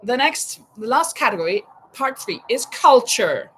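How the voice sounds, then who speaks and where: Giggly, high-voiced woman hosting a live chat. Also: big pitch swings, measured pace, a little hiss or hum, low-quality recording. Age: 50s. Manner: giggly, laughs often; exclamatory, frequent "oh my goodness". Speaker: livestream host running a quiz.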